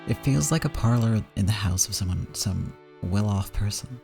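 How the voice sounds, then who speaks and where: A man's voice: fairly low pitch, expressive, moderate pace, creaky, darkish tone, faint music behind. A man streaming a visual novel playthrough, narrating it in the first person with dramatic reading that sinks to whispers at tense moments.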